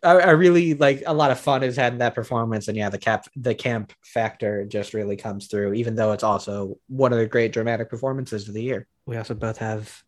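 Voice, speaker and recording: A man's voice: on the low side, steady tone, a little fast, hardly any pauses. Hesitant man chatting about films. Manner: hesitant, many restarts and fillers. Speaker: podcast co-host. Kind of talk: casual film awards discussion.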